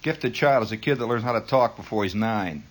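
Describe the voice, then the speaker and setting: In a radio studio, a male host with a lowish voice talks a little fast through a rambling monologue. He's wry and sardonic, wandering off into digressions and mock-grandiose asides.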